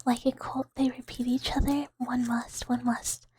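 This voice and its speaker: A woman hosting a whispered ASMR livestream, giggly and playful, repeating words as triggers in a breathy whisper close to the mic. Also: sits high, flat delivery, moderate pace, mellow. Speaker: ASMR streamer.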